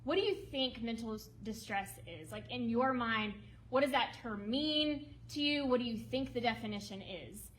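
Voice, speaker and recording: A woman presenting a ministry project to an audience, lively and emotional, prompting listeners to respond. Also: fairly high pitch, moderate pace, a little hiss or hum, rough recording. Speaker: ministry speaker presenting a women's home. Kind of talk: talk to a seated audience with slides. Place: meeting room with tables.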